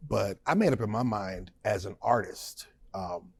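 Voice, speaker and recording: A fairly low-voiced man talks as a guest in an interview. He is animated and emphatic, leaning hard on short stressed words to land his points. He laughs easily, and his voice is close and dry. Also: measured pace, vocal fry, slightly rough, dry recording. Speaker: guest, supporting vocalist. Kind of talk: conversational interview.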